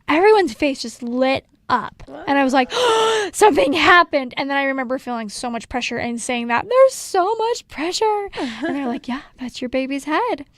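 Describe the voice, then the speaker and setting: A woman podcast co-host casually telling her own story, animated, acting out quotes and laughing often. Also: high voice, brisk, few pauses, dry recording.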